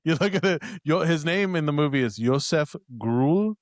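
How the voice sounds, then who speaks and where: A man's voice: fairly high pitch, lively intonation, moderate pace, no echo, studio quality. A man co-hosting a podcast, chatting casually about a movie, joking and trailing into hesitant restarts. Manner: joking, laughs often, hesitant starts. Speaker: podcast co-host.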